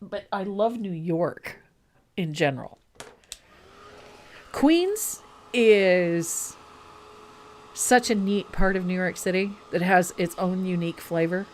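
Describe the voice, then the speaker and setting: A woman's voice: lowish voice, animated, slow pace, long pauses, a little mellow, slight background noise. A woman hosting a painting show, chatting enthusiastically and then talking through a brush demonstration. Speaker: painting teacher and host. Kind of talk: casual chat and painting demonstration.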